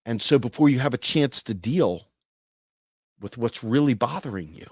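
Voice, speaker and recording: A man's voice: mid-range voice, lively intonation, moderate pace, slightly rough, no echo, clean studio sound. A man hosting a casual talk to camera, earnest and speaking plainly, sometimes acting out other people's voices. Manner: earnest, acts out quoted voices. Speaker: host.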